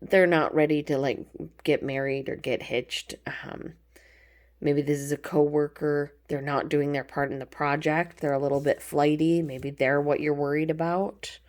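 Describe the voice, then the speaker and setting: A woman's voice: low-pitched, steady tone, normal speed, darkish tone. A woman giving a casual, chatty tarot card reading, informal and affectionate, with frequent ums. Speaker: tarot reader.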